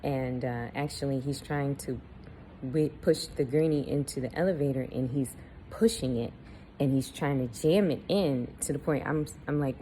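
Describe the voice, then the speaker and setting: A woman's voice: extremely low pitch, normal speed, mellow, a little hiss or hum, low-quality recording. A woman candidly telling a personal story to camera, blunt and swearing freely, with laughs between lines. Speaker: vlogger.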